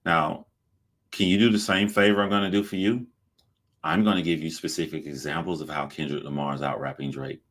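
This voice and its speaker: A man's voice: extremely low pitch, steady tone, fairly quick, a bit bright. A man hosting a heated talk debate, mocking and sarcastic, with plenty of profanity. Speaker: host.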